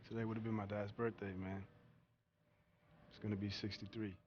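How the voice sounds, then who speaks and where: A man playing a quiet, grieving young player. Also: on the low side, level tone, a little fast, dull audio, a little hiss or hum, lightly acted. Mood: reflective. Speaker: player in a career mode cutscene. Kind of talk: cutscene dialogue.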